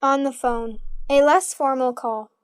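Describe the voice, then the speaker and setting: A high-pitched woman reads short everyday English dialogues for beginners. She speaks slowly and clearly, taking each part in turn so learners can repeat after her. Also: fairly even intonation, faint music behind. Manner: slow, clear, evenly paced reading of both parts in short dialogues. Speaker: English teacher. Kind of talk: reading dialogues for listen-and-repeat practice.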